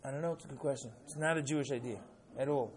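A man teaching a class, lecturing in an animated way and often checking in with "right?" while acting out examples. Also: mid-range voice, racing. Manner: animated, keeps asking "right?"; acts out examples with rising excitement.

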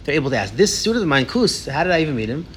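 Fast, animated man teaching a class. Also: a little high, slight background noise. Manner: animated, fast storytelling with many restarts. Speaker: teacher leading a Torah discussion. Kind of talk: casual class discussion.

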